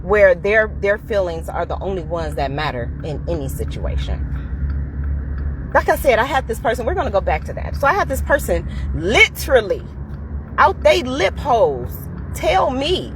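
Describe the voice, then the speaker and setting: A woman's voice: medium pitch, sing-song, moderate pace, a little hiss or hum. A woman in her forties ranting to her phone camera, blunt and emphatic, swearing heavily and repeating her points. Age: 40s. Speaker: school cafeteria worker. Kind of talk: profane personal rant to camera.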